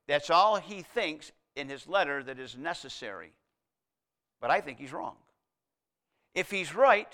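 A middle-aged man preaching with a bright, ringing voice that sits a little higher than most men's. He swings from loud emphatic peaks down to hushed, low passages and keeps asking the congregation rhetorical questions. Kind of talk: sermon.

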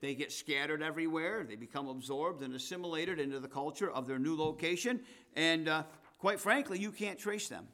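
A man preaching a sermon, reading scripture and swinging between loud declarations and quiet asides. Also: a little high, brisk. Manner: emphatic, rising to loud declarations and dropping to asides.

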